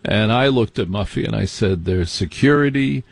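A comedian telling an animated comic story, acting out other people's voices as he exaggerates. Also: fairly low pitch, moderate pace, gravelly, slightly rough, dry recording.

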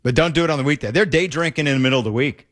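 Male talk host, higher voice, exasperated, fast rants, stumbles over words. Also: a bit bright. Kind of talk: opinionated talk radio commentary.

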